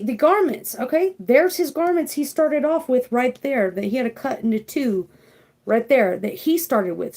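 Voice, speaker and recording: A young woman with a somewhat high-pitched voice leads a live tarot card reading. She rambles from card to card in an excitable rush, often throwing in "freaking" and checking in with listeners by asking "okay?". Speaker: tarot reader.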